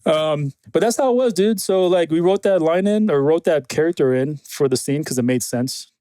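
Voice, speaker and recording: Animated man telling war-film stories. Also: fairly high pitch, moderate pace, clean tone, dry recording. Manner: animated storyteller, swears freely, quotes others. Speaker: guest, military film consultant. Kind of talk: casual podcast conversation.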